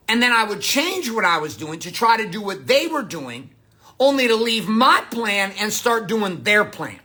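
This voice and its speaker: Blunt, bright-voiced male motivational speaker. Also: high voice, breathy edge. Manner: blunt, profane, emphatic. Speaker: motivational coach. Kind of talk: motivational monologue.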